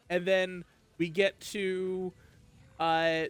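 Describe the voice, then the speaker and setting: A man with a fairly high voice hosts a casual book chat, grown up in South Jersey. He gets animated, voicing his own reactions as he tells them. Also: slow pace, clean tone. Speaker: book club host.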